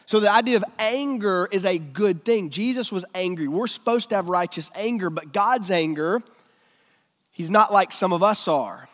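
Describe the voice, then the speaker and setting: A male preacher giving a sermon, swinging between loud emphatic lines and hushed, almost whispered ones. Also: a little high, long reverb tail.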